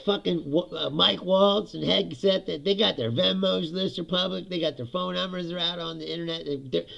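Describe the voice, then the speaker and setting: A man's voice: high voice, moderate pace, creaky, a bit bright. A man doing a casual political rant, sarcastic and profane, laughing often between points. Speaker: political commentary host.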